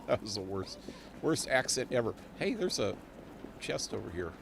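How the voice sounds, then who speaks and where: A man's voice: on the low side, very animated, moderate pace, vocal fry, noisy background. A man live-streaming a video game, rambling and thinking aloud with chuckles. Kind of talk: live gameplay commentary.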